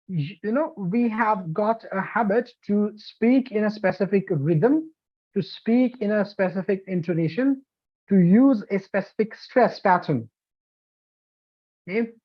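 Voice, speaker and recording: An instructor from India with an Indian English accent, teaching a live online demo lesson and often checking in with "okay?" and "you know". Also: mid-range voice. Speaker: TEFL course instructor. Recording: dull lo-fi online class audio.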